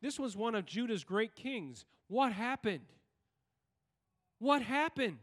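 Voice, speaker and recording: A man's voice: very high voice, big pitch swings, takes it slowly, a bit bright. A male pastor preaching a sermon in a church, often asking the congregation questions and waiting for their reply. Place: church sanctuary. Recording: long hall reverb in church.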